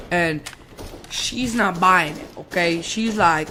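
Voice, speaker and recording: Low-voiced woman rambling through a story. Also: slow, noisy background. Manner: rambling, swears and laughs, acts out the people in the story. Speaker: gamer telling a school story. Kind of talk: casual storytelling while playing a game.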